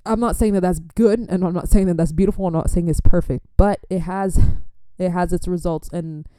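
A young woman from an immigrant family, talking in a chatty, animated way as she gives faith-based life advice and laughs often. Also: lowish voice, a little fast, clear, resonant tone, dry recording, clean studio sound. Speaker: Christian vlogger. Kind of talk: casual advice talk.

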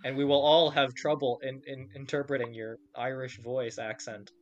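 A man's voice: medium pitch, flat delivery, moderate pace, dull audio, slight background noise. A man hosting a casual video game podcast, who swears freely and drops into hammy, theatrical announcer intros for his co-hosts. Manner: playful, crude, theatrical announcer bits. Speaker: podcast host.

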